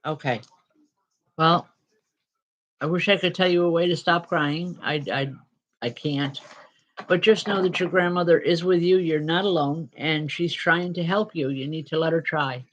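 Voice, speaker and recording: This is a woman doing psychic spirit readings for live-stream viewers. Her pitch sits low, her manner is soothing and reassuring with hesitations and filler words, and the audio has a lo-fi quality.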